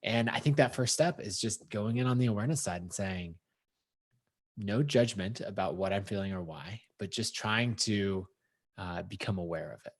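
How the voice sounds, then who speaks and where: A man talks through his thoughts slowly on a podcast, reflective and searching for words. His voice is husky and dry, with no room sound around it. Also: on the low side, no room sound. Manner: reflective, thinks aloud with fillers. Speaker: podcast co-host. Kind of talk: casual conversation.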